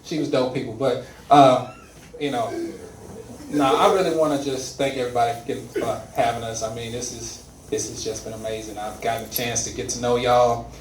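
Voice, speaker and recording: A man in his forties from Louisiana doing stand-up comedy and crowd work, animated and loud. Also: mid-range voice, a little fast, echoey room, distant mic, slight background noise. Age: 40s. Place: comedy club with laughing audience.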